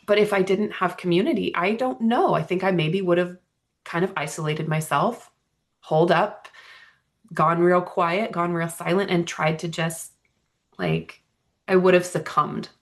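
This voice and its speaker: A woman's voice: lowish voice, lively intonation, a little slow. A woman guest on a podcast, talking earnestly and reflectively about her healing work, often checking in with "right?". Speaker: podcast guest, energy healer. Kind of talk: casual conversational interview.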